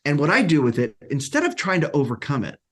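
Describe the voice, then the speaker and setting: Animated man career coach. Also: fairly high pitch, quick pace. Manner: animated, acts out quotes with restarts. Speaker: career coach, podcast guest. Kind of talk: casual interview talk.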